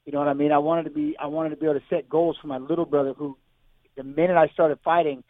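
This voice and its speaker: Fast-talking man on a tinny phone line. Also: on the high side, flat delivery, no room sound. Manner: rambling, repeats himself, emotional. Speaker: guest fighter. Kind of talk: emotional personal storytelling on live radio.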